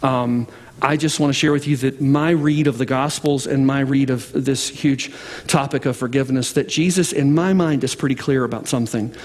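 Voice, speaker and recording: A man's voice: mid-range voice, fairly even intonation, normal speed, a little mellow, long reverb tail. A man preaching a sermon as pastor, speaking conversationally with many fillers and restarts. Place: church sanctuary with balcony.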